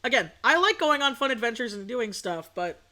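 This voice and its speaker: A woman's voice: fairly high pitch, animated, a little fast, pushed and bright. A young adult woman telling a story in a casual, chatty way as a streamer. She swears freely and acts out what people said. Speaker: VTuber streamer.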